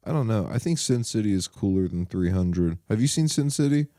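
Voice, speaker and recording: Low mellow-voiced young man rambling. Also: animated, brisk, dry recording, studio quality. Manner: swearing, rambling storyteller. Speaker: podcast co-host. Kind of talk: casual chat.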